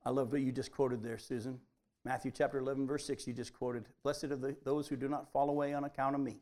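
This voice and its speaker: A man preaching a sermon, animated and emphatic, often stressing his points by repeating them. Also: mid-range voice, quick pace. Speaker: pastor.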